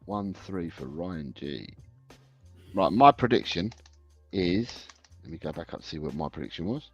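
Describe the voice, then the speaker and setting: A man co-hosting a casual live-stream podcast, briskly reading out viewer predictions. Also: deep voice, expressive, husky, dry recording, soft background music. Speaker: podcast co-host. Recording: dull, dry lo-fi sound.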